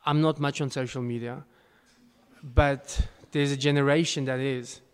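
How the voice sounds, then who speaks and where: A man's voice: mid-range voice, steady tone, a little slow, clear, resonant tone. A man preaching a sermon as a pastor, earnest, with emphatic bursts. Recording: long hall reverb.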